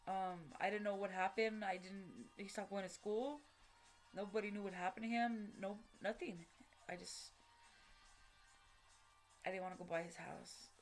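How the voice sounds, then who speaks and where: Over a faint musical bed, a female vlogger recounts something from her own life, stumbling through fillers and false starts. Her mid-range voice stays fairly even in intonation, and she speaks bluntly with casual cursing.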